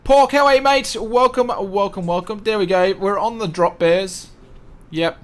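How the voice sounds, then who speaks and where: A man's voice: high voice, moderate pace. A man hosting a casual livestream, chatting and greeting viewers one by one. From Australia. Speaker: livestream host.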